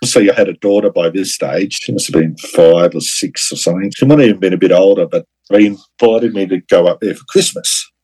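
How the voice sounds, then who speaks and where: A man's voice: low-pitched, a little fast, few pauses, mellow, husky, rough recording. An Australian man in his forties telling a personal story in an interview, rambling and full of fillers. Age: 40s. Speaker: guest.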